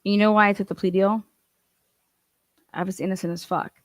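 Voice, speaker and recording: A woman's voice: mid-range voice, steady tone, no room sound. Profane, combative woman ranting up close. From Ohio. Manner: fast, profane and combative, acts out other voices. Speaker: commentary channel host.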